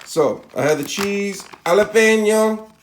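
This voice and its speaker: A man with a Spanish accent walks through a recipe step by step, casual and chatty, often checking in with the viewer. His voice sits a little high for a man. The room around him is echoey. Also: measured pace, a little hiss or hum. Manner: casual, repeats "all right?" and "okay?" to check in. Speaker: cooking channel host. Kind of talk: step-by-step cooking demonstration.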